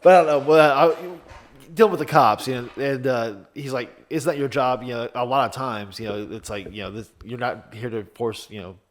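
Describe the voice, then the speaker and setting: Fast, rambling podcast man. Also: mid-range voice. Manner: rambling, full of fillers and restarts. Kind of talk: casual comedic chat.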